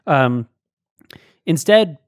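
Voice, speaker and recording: A man co-hosting a casual faith discussion, speaking in a halting way with many fillers and restarts. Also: a little high, expressive, no room sound, clean studio sound. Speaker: podcast co-host.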